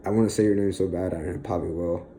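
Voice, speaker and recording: A young man speaks in a low, dark voice, halting and emotional, close to tears. He trails off in pauses, sighs and fillers. A faint hiss of noise sits under the recording. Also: steady tone, low-quality recording. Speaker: vlogger. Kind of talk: emotional personal monologue.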